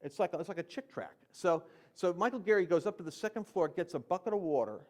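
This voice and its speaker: A man telling his conversion story in a conversational, animated way, jumping from loud emphatic bursts to quiet low asides. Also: fast talker. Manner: conversational with fillers and slang. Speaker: Christian speaker. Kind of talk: personal testimony storytelling.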